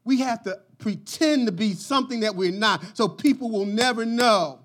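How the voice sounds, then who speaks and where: A pastor delivers a passionate sermon in a high-pitched male voice at a moderate pace. He swings between quiet lines and shouts, breaking into laughter and jokes along the way.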